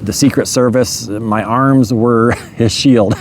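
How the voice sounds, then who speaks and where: A man's voice: mid-range voice, steady tone, slow pace, a little hiss or hum. Rambling man telling a personal story. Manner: rambling, frequent "you know", chuckles.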